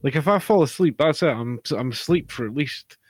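A man's voice: medium pitch, lively intonation, a little fast, husky, no echo. Young guy on a podcast, easygoing, swears and laughs a lot, dry sound. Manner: laid-back, laughs often, swears casually. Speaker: podcast co-host. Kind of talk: casual chat.

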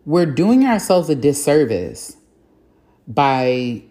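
A woman with a strikingly low, mellow voice hosts her own podcast. She talks candidly and casually in a chatty, self-deprecating way, swearing now and then. It comes across as an unscripted solo monologue. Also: big pitch swings, takes it slowly. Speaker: podcast host.

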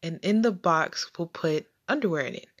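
A young woman telling a personal childhood story, halting with repeats and restarts. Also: lowish voice.

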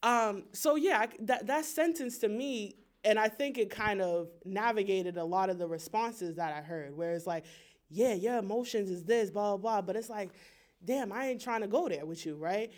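A man's voice: high-pitched, moderate pace. Emphatic, slangy young man in a group talk. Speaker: group discussion participant. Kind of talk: casual group discussion.

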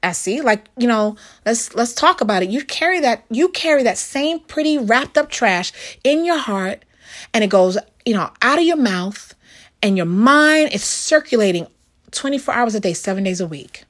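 Lively, chatty woman giving a devotional talk. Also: a little high, moderate pace. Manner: animated and conversational, with many fillers and acted-out quotes. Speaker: Christian devotional speaker. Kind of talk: casual spoken devotional talk.

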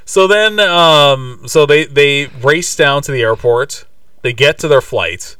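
A man's voice: fairly high pitch, slow, sharp tone, clean tone, no room sound, recorded from a distance. A man co-hosting a casual podcast, chatty and playful as he retells a movie scene by scene. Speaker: podcast co-host. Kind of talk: casual movie recap chat.

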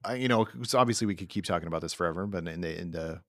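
Easygoing male podcast host, low voice. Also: racing, no echo, studio quality. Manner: easygoing, joking, hesitant fillers. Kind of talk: casual podcast chat.

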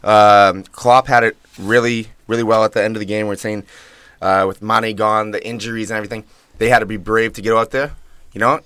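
A man's voice: on the low side, fairly even intonation, brisk, a bit bright, smooth, dry recording. A man co-hosting a casual soccer podcast, joking and talking through a meal at a desk mic. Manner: joking, talks while eating. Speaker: podcast co-host.

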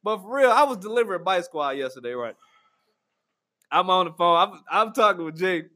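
High bright-voiced man telling funny stories. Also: brisk. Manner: animated storytelling, laughing often. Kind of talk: casual comedic chat.

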